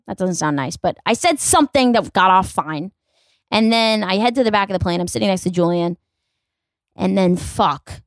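A woman's voice: mid-range voice, no room sound. Snarky, profane woman podcaster, dry sound. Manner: profane, rambling, snarky storytelling with acted-out quotes. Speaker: podcast host and comedian. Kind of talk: solo comedy podcast monologue.

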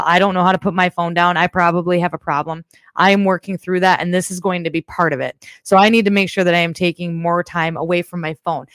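A woman's voice: lowish voice, dry recording. Blunt, foul-mouthed woman livestream host. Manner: blunt and profane, rambling asides. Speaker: podcast host. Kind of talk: casual livestream chat.

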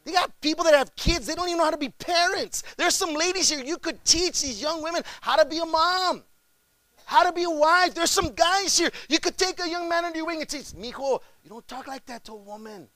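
A man preaches a sermon with a high, bright, ringing voice that leaps up and down in pitch. He swings from shouted exhortation to hushed pleading, calling his listeners folks. The sound is close and dry. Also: fairly quick, dry recording. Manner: addresses the congregation as folks. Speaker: pastor.

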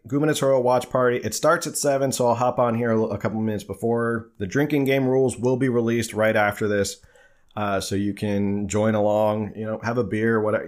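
A man with a fairly low voice hosts a casual live stream and answers viewers' questions as they come in. He talks loosely and conversationally, full of fillers and restarts. He grew up in New Jersey. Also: fairly even intonation, fairly quick. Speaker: livestream host.

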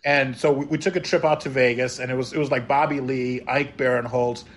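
A man's voice: mid-range voice, fairly even intonation, slight background noise. A male guest chatting casually, telling stories with frequent restarts and stumbles. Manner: halting, many restarts when telling stories. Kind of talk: casual chat.

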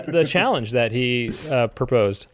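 A man's voice: mid-range voice, animated, normal speed. A man hosting a comedy podcast, upbeat and laughing in casual chat with his co-hosts. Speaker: podcast host.

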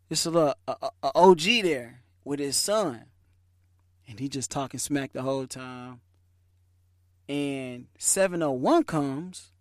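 A man, hosting a podcast and telling a lively, slangy story in a casual way. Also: medium pitch, no room sound, clean studio sound. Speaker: podcast host.

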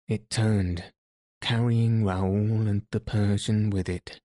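Low slow guy reading a classic novel, dry close sound. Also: no echo. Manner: slow, even, measured reading. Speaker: audiobook narrator. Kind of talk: scripted narration.

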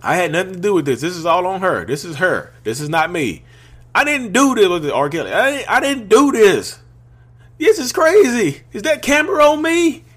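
A man acting out an indignant man who loudly protests his innocence to a camera, in a high, exasperated voice. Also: very animated, moderate pace, husky, exaggerated voice. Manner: high-pitched, exasperated, loud.

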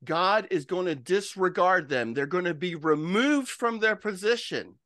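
A man's voice: sits high, lively intonation, unhurried, a bit bright, no echo, studio quality. A man preaching in conversation, emphatic and exhorting, with frequent "listen" and "okay".

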